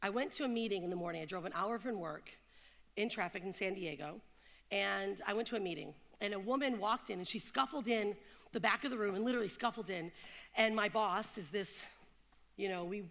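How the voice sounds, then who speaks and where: A woman's voice: mid-range voice, creaky. A woman in her thirties giving a motivational talk to an audience, telling stories and asking the crowd questions. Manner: animated storyteller, asks the crowd questions. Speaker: keynote speaker. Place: event hall in London. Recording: long reverb of a hall.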